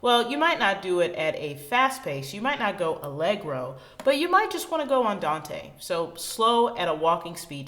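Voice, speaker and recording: A woman music teacher giving a recorded lesson to children, chatty and enthusiastic, speeding up and slowing down to show tempos. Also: lowish voice, fairly bright tone. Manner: chatty, uses everyday examples.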